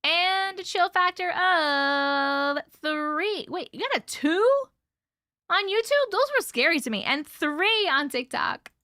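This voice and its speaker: A woman's voice: very high voice, lively intonation, slow pace, bright, forceful tone, no room sound, clean studio sound. A woman hosting a livestream, chatting casually, laughing often and swearing now and then while she reads viewer stories aloud. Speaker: host reading viewer stories. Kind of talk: casual livestream chat and story reading.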